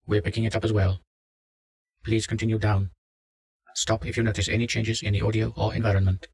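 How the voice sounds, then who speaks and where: A calm clinical doctor. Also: male voice, on the low side. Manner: measured, clinical. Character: calm male research doctor at control. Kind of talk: audio drama reading.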